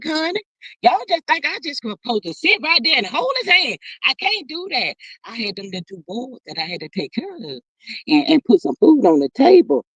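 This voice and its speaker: In a mid-range, husky voice, a performer plays a defensive, folksy older mother who rambles, calls everyone honey, and protests. She chats in character on a livestream, and the dry audio sounds slightly muffled.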